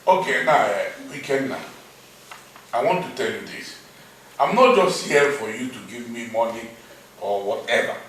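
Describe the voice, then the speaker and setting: A man with a Nigerian accent playing a broke father who begs for help, halting and repeating his words. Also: medium pitch, expressive, fairly bright tone, distant mic, natural voice. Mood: pleading. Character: desperate broke middle-aged father, pleading. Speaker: struggling father begging for help. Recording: echoey room, voice from afar, faint noise.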